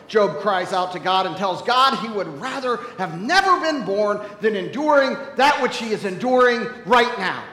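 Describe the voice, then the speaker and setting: A man preaching a sermon as a pastor, telling stories animatedly and swinging from loud to hushed. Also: high-pitched, expressive, unhurried, reverberant, in a large hall, poor audio.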